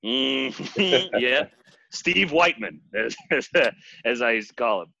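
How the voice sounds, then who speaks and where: A man tells rambling, deadpan comic anecdotes with a lively, swinging pitch. His voice is husky. The recording is dry and a little dull. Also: slow, dry recording. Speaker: comedian in character as a wrestling caterer. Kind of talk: improvised comedic storytelling.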